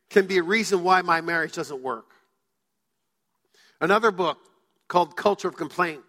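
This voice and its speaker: A man's voice: high voice, fairly bright tone. A male pastor preaching a sermon to his church, telling stories and acting out quoted voices. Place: church sanctuary. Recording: church hall reverb.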